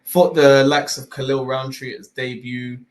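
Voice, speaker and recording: Casting: male podcast host, mid-range voice, rambling casual delivery, swears freely, fills pauses with "uh". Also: mid-range voice, flat delivery, rough recording. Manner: rambling, full of fillers and restarts, swears casually. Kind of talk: casual fight-talk podcast chat.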